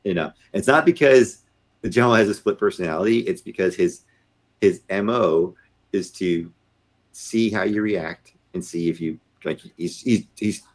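This retired Marine officer has a deep voice and talks at a moderate pace. He's middle-aged, a guest on a podcast, and while recounting a story in a casual interview he performs the voices of its characters.

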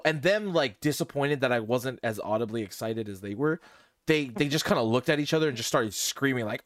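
A young man on a casual podcast, telling a long story among friends in an animated, rambling way and acting out what people said. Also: medium pitch, fairly quick, no echo, studio quality. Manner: rambling, animated, acts out quotes. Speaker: podcast co-host.

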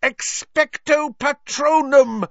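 A man voicing a desperate teenage boy wizard, shouting and pleading under strain. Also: very high-pitched, slow, no room sound, muffled recording, pitched above the performer's own voice, full character voice. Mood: frantic.

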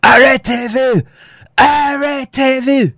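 A man putting on a burly male firefighter who shouts commands. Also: sits high, expressive, takes it slowly, no echo, clean studio sound, pitched above the performer's own voice, full character voice. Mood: shouting. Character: burly male firefighter barking orders in French.

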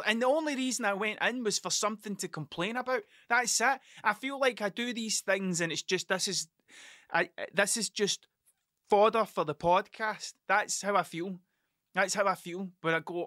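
A Scottish man hosts his podcast in a loose monologue, swearing constantly and losing track of his point before circling back. His voice is bright and forceful. The sound is dry and close, with no room echo. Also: sits high, moderate pace. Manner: rambling, heavily profane, self-interrupting. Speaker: podcast host. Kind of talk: casual monologue.

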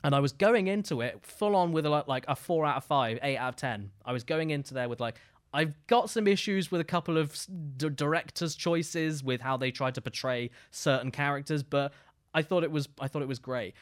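Animated, sweary man. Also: fairly high pitch, fairly quick. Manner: animated, swears freely, emphatic repetition. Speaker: podcast guest, gaming comedy YouTuber. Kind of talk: casual podcast chat.

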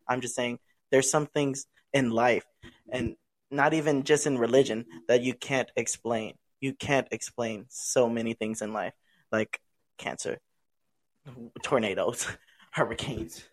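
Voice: mid-range voice, steady tone, unhurried, no room sound. A podcast co-host defending their own view in a casual debate, interjecting as the others talk.

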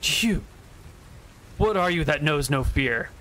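Man putting on a smug woman spellcaster, haughty, raised pitch, sharp bright tone. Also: expressive, slow pace.

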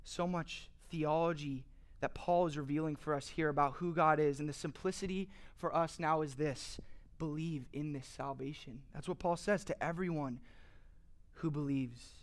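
Earnest preaching man, slightly high voice. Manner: earnest preaching, rhetorical questions; builds in energy, emphatic. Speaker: pastor. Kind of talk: sermon.

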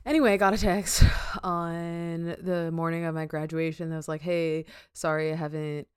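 Young female podcast co-host, chatty and giggly, low clear voice. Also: little pitch movement, normal speed, no room sound, studio quality. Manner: giggly, chatty, many fillers. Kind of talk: casual chat.

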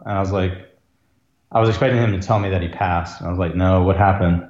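Earnest low-voiced doctor, roomy sound. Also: male voice, animated, brisk, a little mellow, dull audio. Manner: earnest, reflective, emotional at times. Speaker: ER physician, podcast guest. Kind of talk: conversational storytelling.

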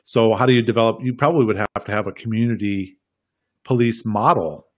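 Man, lowish voice, dry close sound; rambling, emphatic podcast guest. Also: brisk, no echo. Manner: rambling, emphatic, repeats himself. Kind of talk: casual political chat.

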